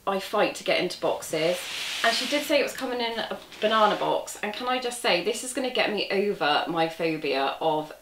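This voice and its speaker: A woman's voice: medium pitch, fairly quick, background noise. Gushing woman, roomy and far. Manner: excitable, gushing, chatty. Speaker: crochet vlogger. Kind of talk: casual unboxing chat. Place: indoor room at a table. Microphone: camera set back from her.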